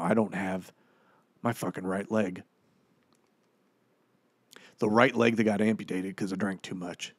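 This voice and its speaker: A man's voice: sits low, dry recording. A man playing the rambling, profane ghost of a washed-up male actor in a comedic audio commentary, full of fillers. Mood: indignant, profane.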